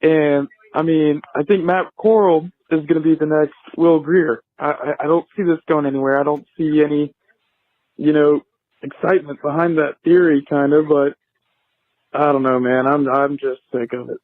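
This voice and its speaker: A man's voice: fairly high pitch, fairly even intonation, moderate pace, no echo. A man calling in to a sports show, angrily listing one complaint after another. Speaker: caller. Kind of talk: phoned-in rant. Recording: tinny phone line.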